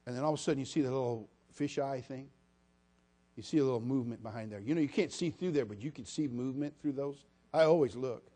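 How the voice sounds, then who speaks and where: A man preaching a sermon, telling funny stories and swinging between quiet asides and loud, repeated appeals to the congregation. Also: medium pitch, fast talker. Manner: humorous storytelling, repeats "listen to me".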